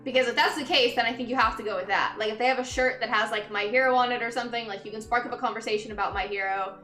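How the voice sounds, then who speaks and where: A woman's voice: on the high side, fairly even intonation, rapid-fire, bright, forceful tone, faint music behind. A young woman streaming casually, chatting with viewers, laughing often and greeting them upbeat. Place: empty room, indoors. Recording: echoey empty room.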